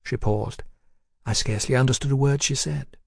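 Casting: male audiobook narrator, mid pitch, steady, dead-dry studio. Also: moderate pace, vocal fry, breathy edge, dry recording.

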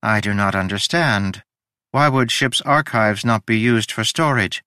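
A man plays a courteous artificial intelligence that speaks with stiff precision. The voice sits low and is read dry and close, like a studio audiobook. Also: unhurried, bright, forceful tone, clear, resonant tone, no echo. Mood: formal. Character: polite, formal, literal-minded male ship AI. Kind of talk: audiobook character reading.

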